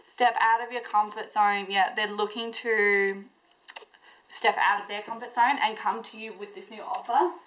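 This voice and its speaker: A woman's voice: mid-range voice, fairly even intonation, moderate pace, fairly bright tone, rough recording. A woman giving a pick-a-card tarot reading, talking straight to her viewers in an emotional, intense and reassuring way, with plenty of fillers. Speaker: tarot reader.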